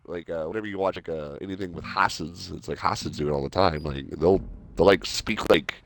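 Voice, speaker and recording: A man's voice: deep voice, steady tone, a little fast, gravelly, slight background noise. A young man hosting a game stream, chatting casually and rambling with lots of fillers. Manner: rambling, heavy use of "like". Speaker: host.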